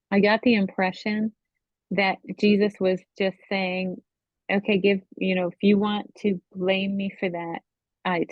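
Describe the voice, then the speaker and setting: A middle-aged woman sharing a personal faith testimony at a Bible study, speaking in an emotional, halting way full of "you know". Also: mid-range voice, dry recording. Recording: tinny phone-line sound, dry.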